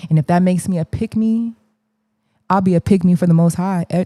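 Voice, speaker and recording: A woman on a livestream talks in an impassioned, preachy monologue, her voice sitting a little low. She is blunt and colloquial and stacks repeated rhetorical challenges. The sound is close and dry, with no room around it. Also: normal speed, dark tone, dry recording. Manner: blunt, colloquial, drops into slang.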